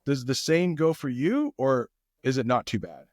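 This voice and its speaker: A man's voice: medium pitch, sing-song, normal speed, no echo, studio quality. An American man, a guest English teacher, chatting casually on a podcast in an easygoing way, often repeating his phrases. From United States.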